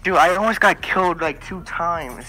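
A man chatting over an online game with friends, excitable, swearing and laughing. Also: a little high, normal speed, over music, low-quality recording. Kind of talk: casual gaming chat.

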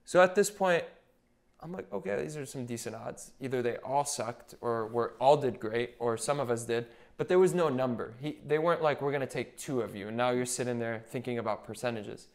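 A man's voice: medium pitch, a little fast. A young man, a podcast guest who works as a nurse anesthetist, telling stories in casual chat and acting out what others said. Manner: animated storyteller who quotes what others said.

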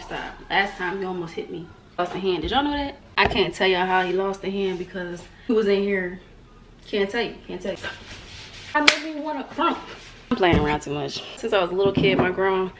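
A woman's voice: mid-range voice, a little hiss or hum. Playful chatty young woman vlogger. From American South. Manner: playful, chatty, talks to the viewers as friends. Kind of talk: casual chat to camera.

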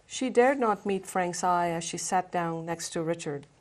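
A woman from India, a novelist, reading a passage of her fiction aloud with lively expression. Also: lowish voice, a little slow. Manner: hesitant intro, then lively expressive reading.

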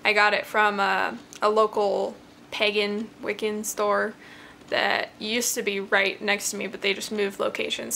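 A woman's voice: mid-range voice, flat delivery, measured pace, creaky, sharp tone, a little hiss or hum. A young woman chatting in a rambling, casual way with many fillers, showing her jewelry to the camera from her bedroom. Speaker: vlogger. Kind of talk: casual show-and-tell vlog. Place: bedroom at home.

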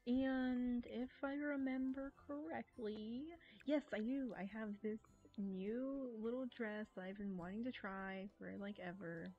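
An American woman chatting casually while live streaming a game, giggly, rambling and quick to poke fun at herself. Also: fairly high pitch, steady tone. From United States. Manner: giggly, rambling, self-mocking. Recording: dull lo-fi stream audio with faint music.

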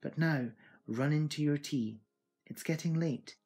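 A man doing a gentle older sister. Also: on the high side, a little slow, husky, soft background music, voice pushed up.

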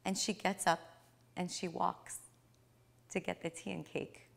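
Gentle woman telling a spiritual story. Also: on the low side, flat delivery, measured pace, creaky. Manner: gentle, repetitive, emphatic storytelling.

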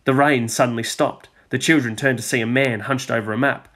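A man teacher reading a storybook aloud to a class, measured and expressive. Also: mid-range voice.

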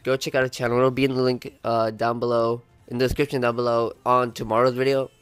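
A young man's gameplay commentary, stuffy from being sick, loose and chatty, breaking into loud cursing when a race goes wrong. Faint music plays underneath his voice. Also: medium pitch, quick pace, clean tone, no echo. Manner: swearing, animated outbursts at the game. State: sick, congested. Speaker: gaming YouTuber. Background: faint background music.

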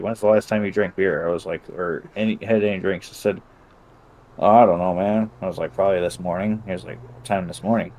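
A man's voice: low voice, warm tone, a little hiss or hum, poor audio. A man casually recounting a roleplay session, acting out both sides of the conversation and swearing freely. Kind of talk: casual chat.

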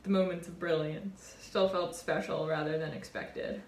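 A woman in her twenties, a college sailor, telling a reflective personal story in an earnest, warm way. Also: lowish voice, steady tone, moderate pace, reverberant. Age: 20s. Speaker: college sailor and award winner.

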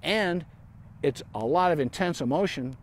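A man's voice: fairly high pitch, lively intonation, moderate pace, close to an everyday voice. A man speaking as a pet dog thinking aloud. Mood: earnest.

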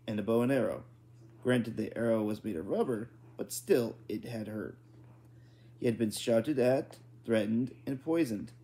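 A man reading a children's novel aloud at a steady, plain pace, with small restarts. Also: lowish voice. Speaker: reader.

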